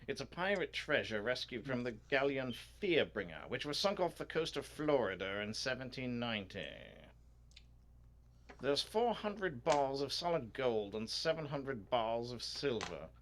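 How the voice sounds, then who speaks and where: A man's voice: medium pitch, sing-song, a little slow, a bit bright, voice pushed up. A man voicing a stuffy male museum curator with a haughty, condescending manner. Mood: proud.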